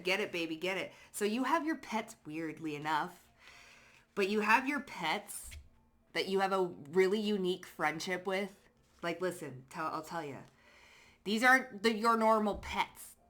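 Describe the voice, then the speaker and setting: A woman doing a casual pick-a-card tarot reading, chatty and slangy, cursing freely and laughing as she talks straight to her viewers. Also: medium pitch. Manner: lively storytelling with frequent laughs. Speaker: psychic tarot card reader.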